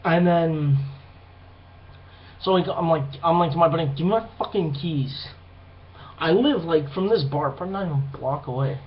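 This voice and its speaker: Young man, high voice, swearing and rambling through a bar story, dull lo-fi recording. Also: a little fast. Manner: profane, rambling, animated retelling. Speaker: vlogger. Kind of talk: casual storytelling monologue.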